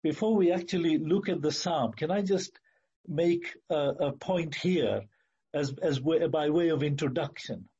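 A man delivers a sermon at a slow, measured pace, stressing key words and stumbling over occasional fillers. His voice is husky and mellow and sits a little high for a man. The recording sounds dull and lo-fi. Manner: slow, deliberate, emphatic with hesitant fillers. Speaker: preacher.

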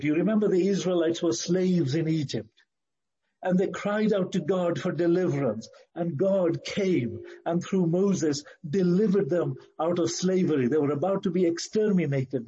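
Husky-voiced man preaching a sermon. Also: on the high side, warm tone, highs cut off. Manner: earnest, measured preaching with slow emphatic phrases.

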